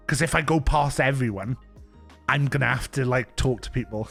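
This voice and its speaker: A man's voice: mid-range voice, normal speed, gravelly, a bit bright, soft background music. A young man with a Welsh accent, telling a rambling story to his stream with frequent restarts and bursts of laughter. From Wales. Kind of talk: casual storytelling chat.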